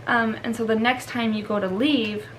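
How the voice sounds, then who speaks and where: A woman's voice: fairly high pitch, fairly even intonation, moderate pace, a little hiss or hum, poor audio. A woman who trains dogs explains the steps in a casual vlog, chatty and full of fillers. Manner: chatty, laughs often, filler-heavy. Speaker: dog trainer.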